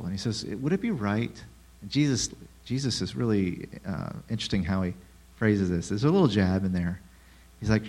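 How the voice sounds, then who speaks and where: A man preaching a sermon who asks the listeners rhetorical questions, drops in sarcastic asides and swings between hushed and loud delivery. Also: fairly low pitch, moderate pace, breathy edge. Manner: rhetorical questions, lively shifts in loudness.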